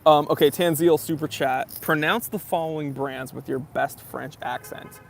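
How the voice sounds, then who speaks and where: A man's voice: on the high side, steady tone, moderate pace, vocal fry, a little hiss or hum. A young American man hosting a watch channel livestream, casually chatting and answering viewer comments in a laid-back, bro-ish way. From United States.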